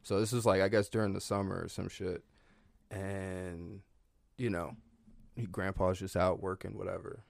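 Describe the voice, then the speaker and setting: A man's voice: sits low, little pitch movement, moderate pace, creaky, no room sound. A man guest on a podcast, casually telling family stories in a loose, profane way with lots of fillers. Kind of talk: casual storytelling.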